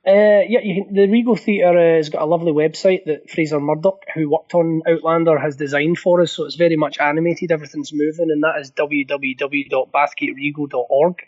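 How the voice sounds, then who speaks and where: Here is a Scottish man with a high voice, spinning a long anecdote for a podcast. He laughs as he talks and trips over repeated words. The sound is a bit dull and lo-fi. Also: steady tone, brisk, hardly any pauses, darkish tone. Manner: laughs through his story, repeats words. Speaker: guest storyteller. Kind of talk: animated anecdote telling.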